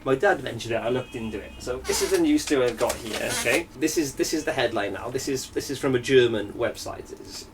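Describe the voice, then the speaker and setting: A man's voice: mid-range voice, animated, brisk, hardly any pauses, recorded from a distance, a little hiss or hum. A young man in casual podcast banter, chatty, laughing often, at times reading a news story aloud. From Wales. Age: young adult. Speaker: podcast co-host.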